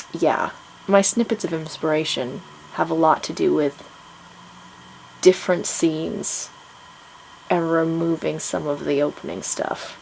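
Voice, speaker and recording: A woman's voice: deep voice, creaky, slight background noise, poor audio. A woman writer chatting casually about her writing progress, rambling with plenty of ums and frequent laughs. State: out of breath. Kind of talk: casual chat to camera.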